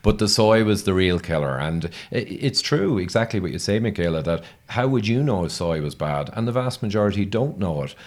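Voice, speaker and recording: A man's voice: lowish voice, lively intonation, fairly quick, few pauses. A man hosting a podcast interview, talking conversationally and repeating words as he starts his points. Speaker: podcast host.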